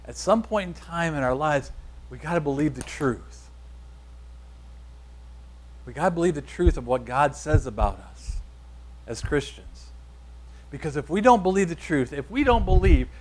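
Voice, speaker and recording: Male preacher, slightly high voice, emphatic sermon with call-and-response. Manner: emphatic repetitive declarations, leads congregation call-and-response.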